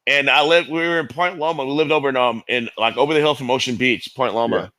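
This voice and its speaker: Bright-voiced middle-aged man rambling casually. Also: mid-range voice, quick pace, dry recording. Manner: rambling, profane, heavy with fillers. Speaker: guest skateboarder. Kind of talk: casual storytelling interview.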